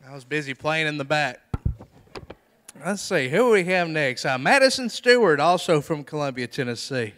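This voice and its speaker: A man's voice: a little high, expressive, normal speed, a bit bright, a little hiss or hum. A man hosting a liar's contest, introducing contestants in easygoing, joking banter. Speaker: contest host. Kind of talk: casual emcee banter.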